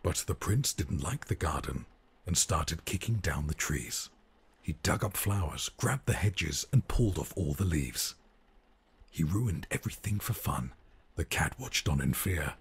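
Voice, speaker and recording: A man narrating a children's storybook in a game, with an even storyteller delivery. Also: extremely low pitch, unhurried, slightly rough, heavily acted.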